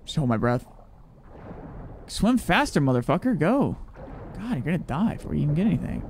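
A man's voice: fairly high pitch, big pitch swings, fairly quick, darkish tone, slight background noise. A young man swearing and rambling through casual commentary as he plays a game. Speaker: game streamer.

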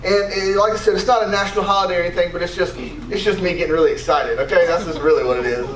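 A man with a high voice preaches a sermon with eager, conversational energy, often pausing to get the congregation to answer him. The sound is roomy and picked up from some distance, with a faint hiss of background noise. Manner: enthusiastic, conversational, calls for congregation responses. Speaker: pastor. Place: church sanctuary.

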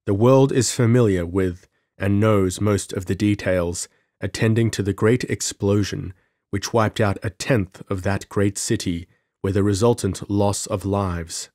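A male audiobook narrator with a fairly low voice tells the story in a measured, dramatic first-person style. He sits close to the mic in a dry, dead room. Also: a little mellow, dry recording. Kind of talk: scripted narration.

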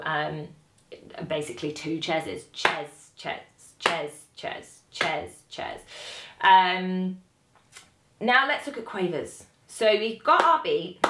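A woman's voice: fairly low pitch, a bit bright. A British woman, a young adult, giving a casual music lesson to camera, chatty and laughing at herself. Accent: British English. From Britain. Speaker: saxophone teacher. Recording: echoey room.

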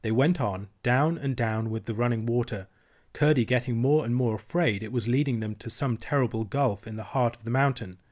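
A man reading a children's novel aloud in a steady, measured storytelling voice. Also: mid-range voice. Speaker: reader.

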